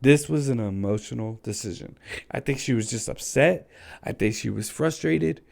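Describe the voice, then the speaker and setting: Creaky-voiced man ranting about football. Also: medium pitch, normal speed, darkish tone. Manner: passionate, frustrated, repetitive emphasis. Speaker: sports vlogger. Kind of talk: solo opinion rant.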